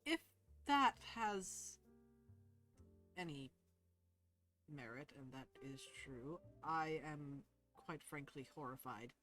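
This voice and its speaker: A woman doing a slow, musing man with a low voice. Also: animated, faint music behind. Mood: horrified. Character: thoughtful male parental character, calm and puzzled.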